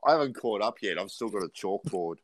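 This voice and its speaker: A man's voice: fairly low pitch, lively intonation, brisk, dry recording. A man co-hosting a livestream, teasing and laughing often. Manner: teasing, laughs a lot, dry wit. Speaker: co-host. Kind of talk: casual banter on a livestream.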